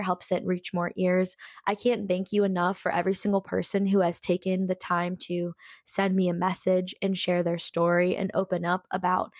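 A woman's voice: lowish voice, dry recording. A young woman hosting her own podcast, talking earnestly and with heartfelt emphasis in a solo motivational monologue into a close microphone. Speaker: podcast host.

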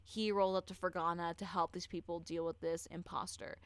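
A woman runs through a true-crime story on her podcast, loose and casual, swearing without restraint and playing out the characters. She speaks briskly in a lowish, smooth, crisp voice that barely moves in pitch. It's a close, dry recording with no echo.

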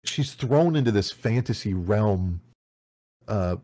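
A man with a lowish, dark, expressive voice speaks slowly as co-host of an audio podcast. He reviews a video game casually and ramblingly, swearing often and restarting his sentences again and again.

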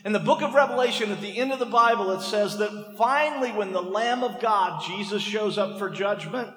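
A man preaching a sermon with impassioned, dramatic emphasis, slowing down to stress key words. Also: high voice, a bit bright, echoey room, in a large hall. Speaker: pastor.

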